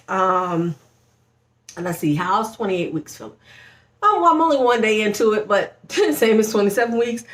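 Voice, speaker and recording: A young woman vlogger chats casually at home about her pregnancy, bubbly and talkative, laughing a lot and saying "y'all." Her voice is medium-pitched with a fairly bright tone, and the recording is reverberant.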